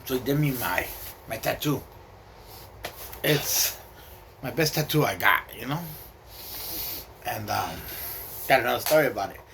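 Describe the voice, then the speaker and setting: A man's voice: medium pitch, expressive, unhurried, long pauses, a bit bright, a little hiss or hum. A man telling a personal story casually, streetwise and profane, with slang and Spanish words mixed in.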